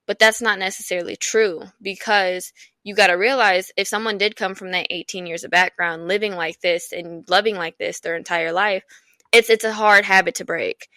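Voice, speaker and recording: Young woman podcast host, bright forceful voice, dry close mic, blunt and swearing a lot. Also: lowish voice, normal speed, dry recording. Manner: candid, profane, animated advice-giving. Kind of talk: casual solo podcast monologue.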